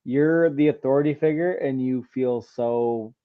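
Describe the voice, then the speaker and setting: A man in his thirties co-hosts a casual chat in a mid-range, unhurried voice, laughing a lot and riffing with jokey reactions. The recording sounds dull and lo-fi.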